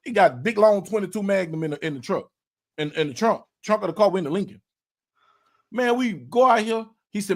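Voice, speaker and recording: A man, hosting a casual podcast and telling an animated story, repeating words and swearing as he acts out quotes. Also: sits high, a little fast, long pauses. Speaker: podcast host.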